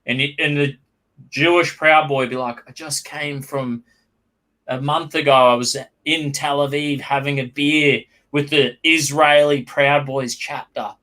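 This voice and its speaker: A man's voice: fairly high pitch, fairly even intonation, a little slow, bright, forceful tone. An Australian man hosting a casual podcast, blunt, profane and emphatic. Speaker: podcast host.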